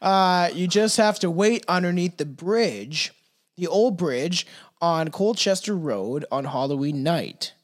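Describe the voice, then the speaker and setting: A man's voice: a little high, lively intonation, slow pace. A man co-hosting a podcast, casually telling a spooky legend with stumbles, swearing and laughs. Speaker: podcast co-host.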